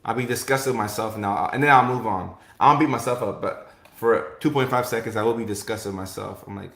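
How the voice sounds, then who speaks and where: A man's voice: on the low side, a little fast, vocal fry, a bit bright. A man hosting a casual talk show, chatting loosely and answering viewers, with lots of "like" and "you know" and frequent restarts. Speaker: host. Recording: echoey room.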